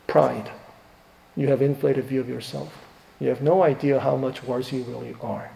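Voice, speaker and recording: A middle-aged man, a pastor, preaching a sermon with emphatic swings between hushed and rising delivery. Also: medium pitch, steady tone, normal speed, gravelly. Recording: echoey hall with long reverb.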